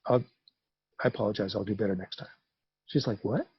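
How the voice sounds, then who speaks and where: A middle-aged man speaking at a recovery meeting, telling a personal story in an animated, conversational way and acting out the dialogue. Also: fairly low pitch, fairly quick, slightly rough, no echo, muffled recording.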